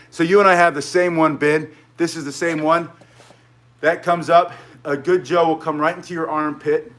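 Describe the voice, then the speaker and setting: A man's voice: on the high side, fairly bright tone, slight background noise. Middle-aged man, martial arts teacher, slightly raised voice, rambling and chatty, drifts onto side stories, casual live lesson. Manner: rambling, chatty, goes off on tangents.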